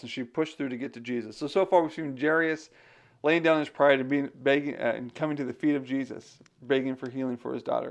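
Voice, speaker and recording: A man streaming a game, casually chatting to himself and his viewers between thoughts on scripture. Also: medium pitch. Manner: chatty, talks to himself while playing. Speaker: game streamer and digital missionary. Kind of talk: casual chat while gaming and reading scripture.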